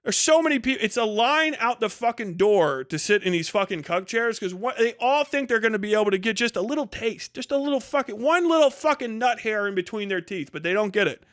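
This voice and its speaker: High-voiced man streamer, clean and smooth, delivering a sarcastic profane rant. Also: lively intonation, fairly bright tone, dry recording, studio quality. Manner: fast bursts and sudden drawn-out words. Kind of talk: livestream rant.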